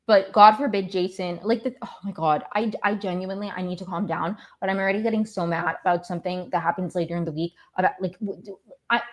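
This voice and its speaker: A woman's voice: lowish voice, fairly even intonation, quick pace. A woman hosting a podcast, recapping a reality show in a casual, rambling, exasperated way and often going off on tangents. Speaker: podcast host.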